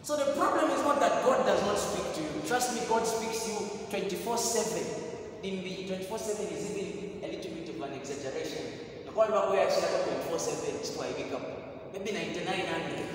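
A man from Zambia preaching a sermon in a university lecture theater, animated and acting out little scenes, often saying hallelujah. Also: sits high, slight background noise. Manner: animated, acts out dialogue, frequent hallelujahs. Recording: echoey hall from far off.

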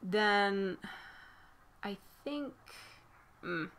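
A woman's voice: mid-range voice, expressive, drawn-out words, fairly bright tone, slight background noise. A woman casually recapping a film's plot, rambling with constant fillers and frequent swearing. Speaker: movie recap vlogger.

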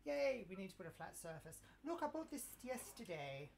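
A woman's voice: mid-range voice, very animated, normal speed, creaky, darkish tone, slight background noise. Chatty jokey woman streaming live. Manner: chatty, jokey, self-mocking. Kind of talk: casual live-stream cooking chat. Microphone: clip mic, sometimes moved.

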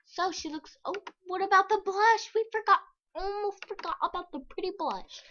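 A young woman giving casual, sarcastic commentary over a screen recording, giggly and excitable, sometimes dropping to a whisper. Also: very high voice, normal speed, slight background noise. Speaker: vlogger. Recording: dull lo-fi mic with mouse clicks.

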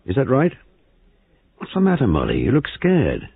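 A rueful young husband grumbles and reassures in a husky, gravelly voice, as a man acts him. His pitch rises and falls a lot. It sounds thin and lo-fi. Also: wildly swooping pitch, moderate pace, no room sound, heavily acted. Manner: rueful, gloomy. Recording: phone-like lo-fi reading.

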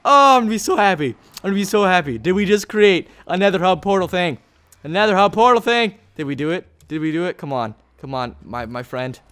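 High-voiced excitable man gaming. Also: fairly quick, clean tone. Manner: excitable, jumps from high squeals to low mutters; talks straight to viewers and game creatures. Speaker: YouTuber playing Minecraft. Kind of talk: Let's Play commentary.

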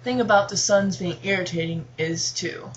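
A woman from the cast dropping dry, deadpan quips in a casual chat. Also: fairly low pitch, moderate pace, slight background noise. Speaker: podcast cast member. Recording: dull lo-fi recording.

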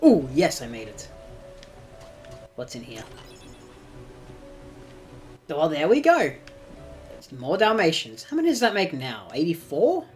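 A woman hosting a let's play, commenting on the game in an excitable way and laughing often. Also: deep voice, measured pace, pauses often, faint music behind. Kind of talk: gameplay commentary.

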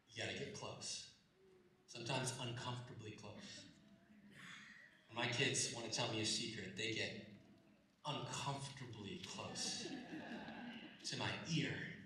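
A man preaching a sermon, swinging from loud, lively storytelling to soft, hushed asides and joking with the congregation. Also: heavy reverb, distant mic, low-quality recording. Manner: dramatic shifts between booming and near-whisper; humorous, asks congregation for response. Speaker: pastor. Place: church sanctuary.

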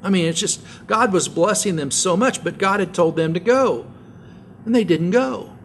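A man's voice: high-pitched, normal speed, slight background noise. Older male pastor telling a story. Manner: conversational storytelling with asides. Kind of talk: sermon.

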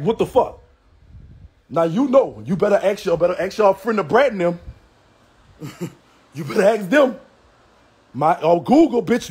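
Brash high-voiced streamer man, very husky. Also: darkish tone. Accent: Southern US. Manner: brash, profane, trash-talking with frequent laughs. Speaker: live streamer. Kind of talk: livestream rant.

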